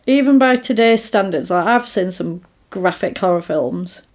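A woman's voice: lowish voice, animated, moderate pace. A woman chatting casually about an old film, retelling scenes with acted quotes.

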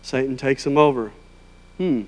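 A man preaching a sermon in a conversational, emphatic way, rising to loud, high peaks. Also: moderate pace. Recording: long hall reverb.

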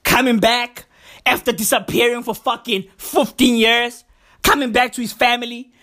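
A woman's voice: fairly high pitch, steady tone, normal speed, bright, forceful tone. A woman hosting a podcast, riffing a freestyle comedic monologue, rambling and profane and calling the listener "bruv". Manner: rambling, profane, repeats slang address "bruv". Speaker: podcast host.

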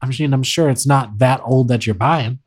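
A man co-hosting a podcast, teasing and laid-back, with quick quips in casual banter. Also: mid-range voice. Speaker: podcast co-host.

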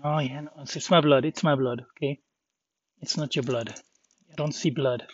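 A man's voice: fairly high pitch, steady tone, moderate pace, pauses often, dry recording, muffled recording. A shaken man rambling about a dog fight, swearing under his breath and trailing off. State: shaken, adrenaline-pumped. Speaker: vlogger. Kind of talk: shaken personal vlog after a dog fight.

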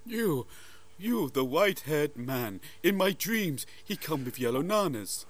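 A man's voice: fairly high pitch, big pitch swings, a little slow. A man playing a primitive male entertainer who speaks in broken grammar, in improv comedy. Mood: grumbling.

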